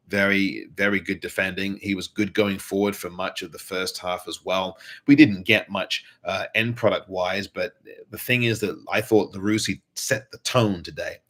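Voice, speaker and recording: A man's voice: low-pitched, a bit bright. A man hosting a fan show, giving earnest post-match commentary and repeating points for emphasis. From England.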